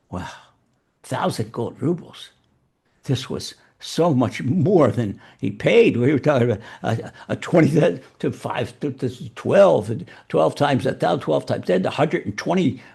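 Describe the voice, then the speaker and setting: A man telling a religious fable and drawing its lesson, animated and prone to repeating words. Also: a little high, vocal fry, slightly rough. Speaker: rabbi storyteller.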